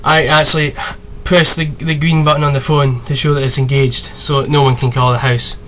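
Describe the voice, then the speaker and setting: Brief: young man in his twenties, higher pitch, casual swearing tutorial host, faint background hiss. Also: flat delivery, normal speed, fairly bright tone. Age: 20s. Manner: chatty, rambling, swears freely. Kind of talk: casual screen-recorded tutorial.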